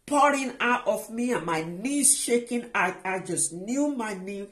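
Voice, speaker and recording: A middle-aged woman giving an emotional personal testimony, halting and restarting often as she speaks. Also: medium pitch, animated, a bit bright. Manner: halting and emotional, with many restarts and trailing phrases. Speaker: guest sharing a personal testimony.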